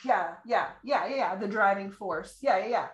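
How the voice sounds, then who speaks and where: A bubbly woman chatting casually about astrology with a friend. She talks in a relaxed, rambling way, full of fillers, and every so often she jumps up into high, delighted exclamations. Her pitch sits right in the middle for a woman. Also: normal speed, lo-fi sound. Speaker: podcast co-host.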